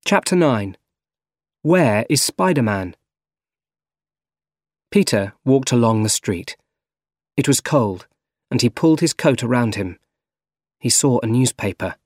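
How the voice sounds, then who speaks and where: A man reading a story aloud for learners, slow, clear and measured. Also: mid-range voice, animated, no room sound, studio quality. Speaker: narrator.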